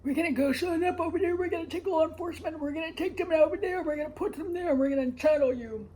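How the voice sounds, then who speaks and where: A woman's voice: very high voice, quick pace, warm tone, slight background noise. A woman in a rambling monologue, repeating the same phrases over and over. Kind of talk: stream-of-consciousness monologue.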